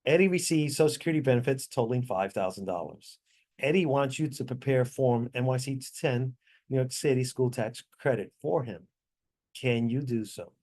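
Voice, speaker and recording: A man's voice: medium pitch, normal speed, darkish tone. Man, instructor, online class, video call sound, step-by-step explaining, apologetic, filler words. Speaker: tax training instructor.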